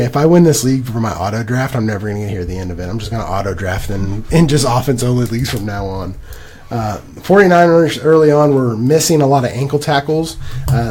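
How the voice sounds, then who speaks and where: A young man co-hosting a casual podcast, rambling and animated as he recaps games. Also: medium pitch. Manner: animated, rambling, laughs at himself. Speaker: podcast co-host. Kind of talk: casual fantasy football chat.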